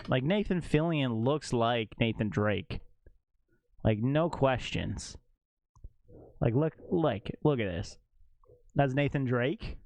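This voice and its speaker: Animated, ranting man streamer. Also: slow, pauses often, no room sound. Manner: animated ranting, jumps to high exclaims and laughs. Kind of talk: casual livestream chat.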